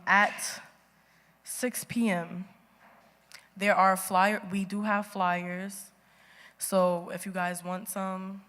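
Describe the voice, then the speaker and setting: A woman's voice: lowish voice, a bit bright. A woman hosting a youth gathering, giving casual announcements and introducing the next speaker. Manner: informal, friendly announcing. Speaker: event host. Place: large meeting hall. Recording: echoey hall.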